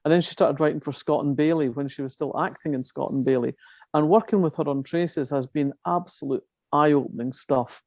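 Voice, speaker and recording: A woman's voice: deep voice, fairly quick, a little mellow, no room sound. An older woman from Scotland, a crime novelist, talking in a chatty way with many restarts at an online festival. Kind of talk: festival talk on a video call.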